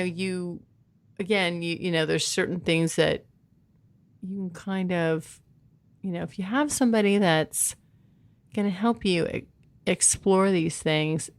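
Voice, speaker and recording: A woman's voice: on the low side, no echo. A woman hosting a podcast, talking candidly in a loose, chatty way full of fillers and laughter. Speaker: podcast host. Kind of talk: candid casual chat.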